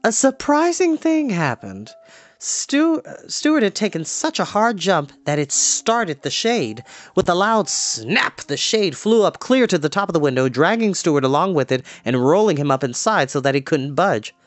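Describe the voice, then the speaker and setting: A storyteller reading a children's book aloud in an expressive, lively way. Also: medium pitch, normal speed, dry recording.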